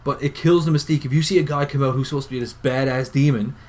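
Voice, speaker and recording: A man's voice: medium pitch, fairly even intonation, fast, darkish tone. A man with a Newfoundland accent co-hosting a podcast, giving blunt, opinionated takes and swearing freely in casual chat. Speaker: podcast co-host.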